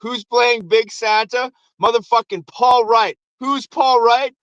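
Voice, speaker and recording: An extremely high-pitched man takes it slowly in a muffled recording with no room sound. Hosting a show, he casually recaps a movie, swearing often and acting out quotes animatedly in raised voices.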